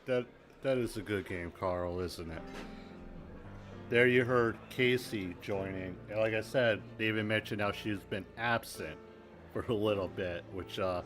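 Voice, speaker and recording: A man's voice: on the low side, fairly bright tone. Man recapping old podcast clips. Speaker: podcast host narrating clips. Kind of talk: casual recap narration.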